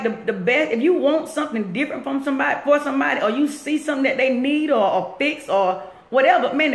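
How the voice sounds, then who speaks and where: A woman talking on a live stream from work, earnest and preachy, repeating her points as she encourages viewers. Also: sits high. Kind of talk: casual live-stream talk. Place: at work, roomy space. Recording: echoey room.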